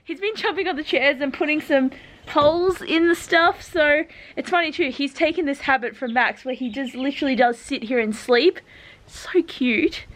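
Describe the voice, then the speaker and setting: A young woman with an Australian accent chats straight to camera in a bright, high-pitched voice. She talks in an easy, gushing way, scattering "like" through her sentences as she vlogs. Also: moderate pace. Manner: chatty and gushing, peppered with "like". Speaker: vlogger. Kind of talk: casual chat to camera.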